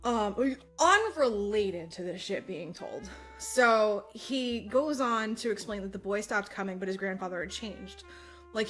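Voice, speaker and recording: A woman co-hosting a podcast, casually retelling a story with lots of fillers and acted-out quotes. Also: medium pitch. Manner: animated retelling, frequent fillers, acts out quotes. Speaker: podcast co-host. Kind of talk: casual chat.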